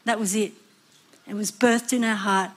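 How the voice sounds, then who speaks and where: A woman preaching a sermon, earnest and expressive, sometimes acting out the voices of people in her story. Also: mid-range voice, moderate pace. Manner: expressive, acts out voices and cries.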